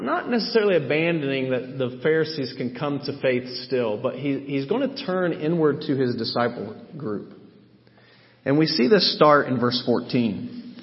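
A man teaching through a Bible passage in a sermon, emphatic and thinking aloud with frequent restarts. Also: fairly high pitch. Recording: dull sound with long hall reverb.

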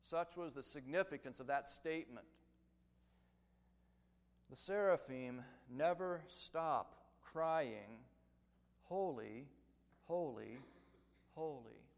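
A man preaching an expository sermon, building to loud, emphatic crescendos. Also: a little high, takes it slowly, pauses often. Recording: long reverb of a large hall.

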